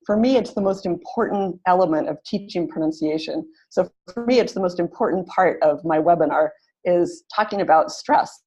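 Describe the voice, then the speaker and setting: A woman leading an online teacher-training webinar, speaking clearly and encouragingly and exaggerating the stress on words she models. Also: fairly low pitch, moderate pace, darkish tone, highs cut off. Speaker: webinar facilitator.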